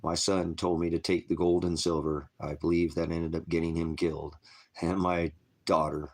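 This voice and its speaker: A man's voice: low-pitched, little pitch movement, moderate pace, darkish tone. A man recording an emotional video message as a father, distraught and self-blaming, his voice breaking as he struggles to hold himself together. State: crying, struggling to keep composure. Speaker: father making a video appeal.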